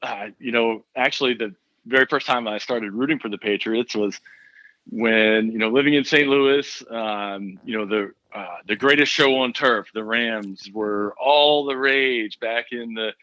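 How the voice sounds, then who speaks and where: A man from southeastern Pennsylvania, a guest in a casual interview, talking in a relaxed way full of "you know" fillers. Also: medium pitch, measured pace, no room sound, lo-fi sound.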